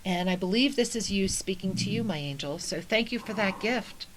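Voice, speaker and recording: A woman's voice: medium pitch, lively intonation, moderate pace, noisy background. A woman hosting a spiritual call-in radio show, giving soul readings in an effusive, endearing way. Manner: effusive, endearing, calls callers angel and honey.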